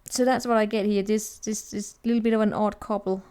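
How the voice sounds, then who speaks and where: A woman's voice: mid-range voice, fairly even intonation, brisk, mellow, clear, resonant tone. A woman giving a casual, chatty tarot reading to viewers, teasing and laughing as she talks, often restarting her sentences. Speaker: tarot reader.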